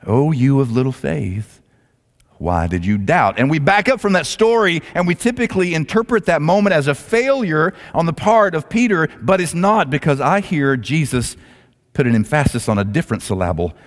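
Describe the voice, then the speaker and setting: A male pastor preaching a sermon as a dramatic storyteller who swings between loud, rising lines and hushed, low ones. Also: animated, a little fast. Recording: long hall reverb.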